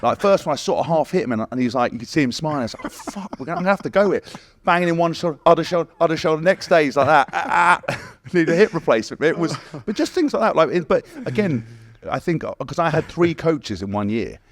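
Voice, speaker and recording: Fast-talking, sweary ex-rugby podcast host. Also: male voice, a little high, dry recording. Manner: animated, swears freely, laughs mid-story, acts out quotes. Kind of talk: casual storytelling chat.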